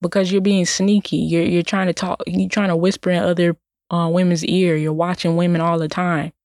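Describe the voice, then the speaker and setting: A woman's voice: lowish voice, flat delivery, moderate pace, a little mellow, no room sound, studio quality. A woman in a casual personal monologue, talking indignantly in a rambling way with lots of "like" fillers and restarts. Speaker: vlogger.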